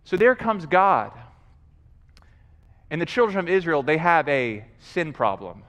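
A man preaching a sermon in a lively, animated way, acting out voices and repeating himself as he builds a point. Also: a little high, a little slow. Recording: long hall reverb.

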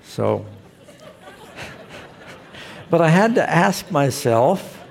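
A man's voice: on the high side, big pitch swings, extremely slow, vocal fry, pauses often, some chatter behind. A man preaching a sermon as pastor, telling folksy stories and acting out quoted voices.

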